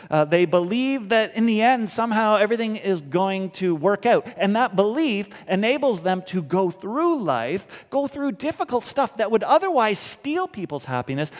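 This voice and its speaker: A male pastor giving a conversational sermon, lively and expressive, acting out the voices he quotes. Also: high-pitched. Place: church sanctuary. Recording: long church reverb.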